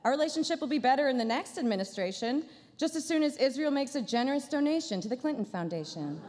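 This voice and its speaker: A woman's voice: high-pitched, expressive, quick pace, a little mellow, long reverb tail, slight background noise. A woman comedian doing a stand-up roast at a banquet dinner, with a dry, sarcastic delivery and playful asides. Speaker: comedian headlining a gala dinner. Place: large banquet hall.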